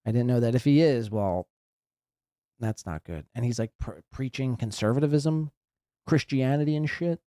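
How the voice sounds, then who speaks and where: A man's voice: medium pitch, normal speed, mellow, no echo, clean studio sound. A man hosting a live podcast, giving crude, sarcastic commentary as he reacts to clips.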